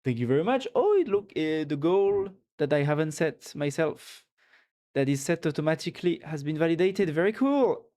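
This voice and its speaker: A man's voice: on the high side, expressive, normal speed, mellow. A man with a French accent chatting casually on a live stream, reading out and answering his chat in a rambling, giggly way. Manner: chatty, reads chat aloud and thanks followers.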